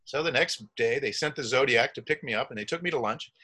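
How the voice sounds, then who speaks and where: A man's voice: medium pitch, fast talker, bright, forceful tone, breathy edge. A middle-aged man telling a long travel story in a rambling way, with many restarts and acted-out quotes. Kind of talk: casual storytelling.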